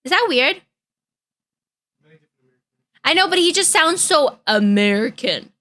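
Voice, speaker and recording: A woman's voice: high voice, big pitch swings, slow pace, pushed and bright. A woman streamer, chatting casually and giggling as she reacts to videos. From Canada.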